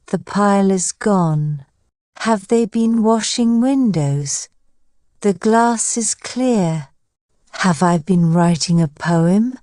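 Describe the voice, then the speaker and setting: A woman reads grammar drill sentences slowly and evenly, each line set apart with a pause. Her voice is mellow and soft-edged, recorded close and dry with no room sound around it. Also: mid-range voice, no room sound. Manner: even, deliberate reading of example sentences. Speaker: English teacher. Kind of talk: slow scripted grammar drill.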